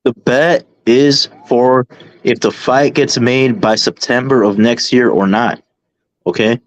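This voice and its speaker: A man's voice: medium pitch, fairly even intonation, slow, no echo. A man hosting a heated boxing panel chat, arguing back, repeating himself and restarting sentences. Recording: dull lo-fi call audio.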